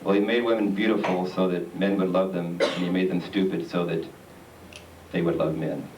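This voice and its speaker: A man performing a stand-up comedy routine on a theatre stage, telling stories with deadpan punchlines. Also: deep voice, normal speed. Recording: roomy, distant, noisy live stage recording.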